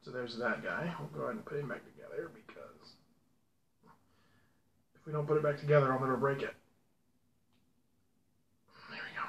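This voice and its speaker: A man's voice: mid-range voice, normal speed, vocal fry, long pauses. A man hosting his own channel, chatting casually and rambling with self-deprecating asides as he unboxes things. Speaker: pipe-smoking channel host. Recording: echoey room with faint background noise.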